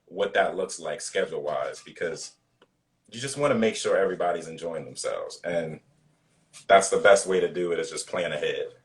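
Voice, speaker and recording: Male guest, lowish voice, laid-back chat over a video call, filler-heavy. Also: moderate pace, far from the mic. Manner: relaxed, loose, filler-heavy talk. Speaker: guest cook. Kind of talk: casual interview chat.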